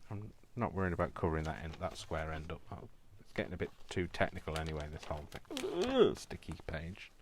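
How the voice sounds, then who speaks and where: Low-voiced british guy rambling on while crafting, laughs a lot, chatty. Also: fast, a little hiss or hum. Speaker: craft video host. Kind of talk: casual chat while crafting.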